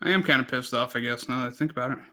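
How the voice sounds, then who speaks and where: A man's voice: medium pitch, racing, pushed and bright. A man co-hosting a podcast, telling a rambling story in casual chat, swearing constantly. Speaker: podcast co-host.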